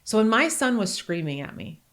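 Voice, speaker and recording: A woman's voice: very animated, normal speed, fairly bright tone. Earnest, emphatic woman talking. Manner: earnest and emphatic, rising in pitch when making a point. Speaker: podcast co-host. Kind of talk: casual podcast conversation.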